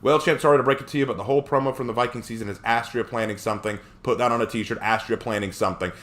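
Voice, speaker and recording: A man's voice: medium pitch, very fast. A man live streaming who chats casually with viewers, reads their comments aloud and jokes around. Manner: animated, joking.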